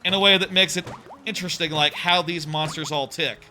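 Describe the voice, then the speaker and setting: A man's voice: fairly high pitch, steady tone, a little fast, pushed and bright. A young man hosting a casual let's play, rambling and chatty and swearing freely. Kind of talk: casual gaming commentary. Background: faint game music.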